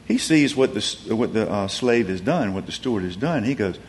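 Animated conversational male preacher. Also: on the low side, brisk. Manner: conversational, animated storytelling with many restarts. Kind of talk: sermon.

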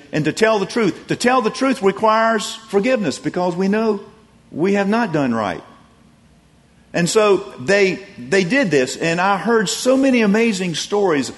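A man preaching a sermon, telling stories and swinging from emphatic peaks down to soft, low passages. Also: long reverb tail. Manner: storytelling, rising to emphatic peaks then dropping soft and low. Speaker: pastor.

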